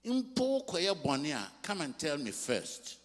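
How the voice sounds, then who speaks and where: An older Ghanaian pastor preaches slowly and deliberately, his fairly high voice rising and falling widely. He mixes English with Twi in emphatic phrases. The sound carries a long reverb from a large church hall. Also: huge pitch swings. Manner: switches between English and Twi, slow and emphatic. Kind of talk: sermon.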